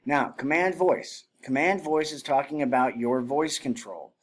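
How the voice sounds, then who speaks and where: Guy teaching drill commands, mid-pitched plain voice, explains stuff then barks out the commands. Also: measured pace, slightly rough. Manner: explains plainly, shouts drill commands and cadence counts in demonstrations. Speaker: drill instructor. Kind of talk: spoken lesson on military drill.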